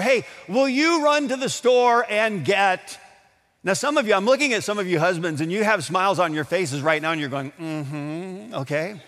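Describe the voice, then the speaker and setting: Man, pastor, sermon, folksy storytelling, slightly high voice, long hall reverb. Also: a bit bright. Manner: folksy storytelling with frequent restarts.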